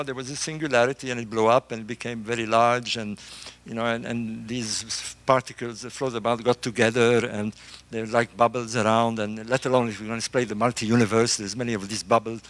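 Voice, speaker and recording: A middle-aged man, a construction engineer, giving an emphatic, animated talk to a group in a room. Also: medium pitch, a little fast. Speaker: speaker on ancient engineering. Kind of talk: lecture-style talk to a live group.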